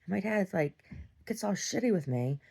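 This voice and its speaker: A woman's voice: medium pitch, expressive, normal speed, creaky, dark tone, breathy edge. A young woman talking in a meandering video diary, full of "like"s, restarts and casual swearing. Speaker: video diarist. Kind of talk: rambling personal video diary.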